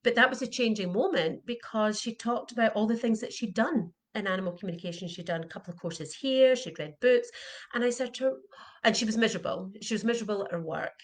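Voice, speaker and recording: A woman's voice: fairly high pitch, fast. A middle-aged woman, an animal communication coach, giving an earnest, heartfelt motivational talk and repeating her questions for emphasis.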